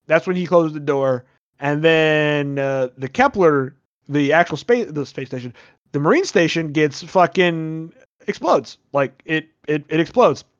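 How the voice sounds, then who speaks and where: A male podcast host casually recaps a movie in a slightly high voice, rambling along with lots of fillers, frequent "like," and the occasional swear. The recording is muffled, with no room sound.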